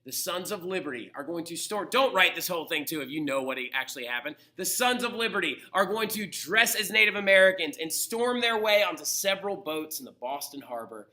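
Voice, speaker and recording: Male teacher, high voice, very bright, lively lecture, keeps asking "right?". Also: fairly quick, hardly any pauses. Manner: animated and conversational, acts out quotes, says "right?" often. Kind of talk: recorded history lecture.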